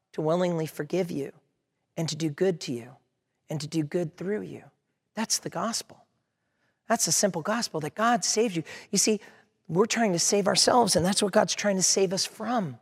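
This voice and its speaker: In a sermon that rings with long hall reverb, a man preaches in a high-pitched, gravelly, slightly bright voice. Earnest throughout, the pastor quotes aloud the prayers of his listeners and the objections of hecklers.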